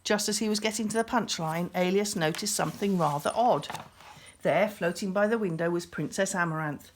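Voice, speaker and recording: A woman reading a children's story aloud, expressive and playful. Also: on the low side, fairly quick, a little hiss or hum.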